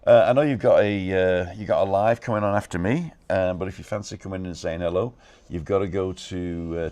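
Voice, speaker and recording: A man hosting a casual live stream from a balcony, talking fast and reading out viewers' comments and names. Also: low-pitched, darkish tone. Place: balcony outdoors.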